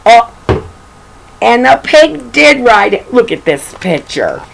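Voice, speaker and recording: A woman's voice: fairly high pitch, sing-song, slow, creaky, slight background noise, rough recording. An older woman reading a picture book aloud to children, chatting affectionately and pointing out the pictures. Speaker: story reader.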